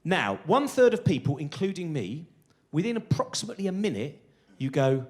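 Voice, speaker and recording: Male stand-up comic, live on stage; excitable, self-interrupting storyteller with a lively, higher-pitched voice. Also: normal speed. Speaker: stand-up comedian. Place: theatre stage before a live audience.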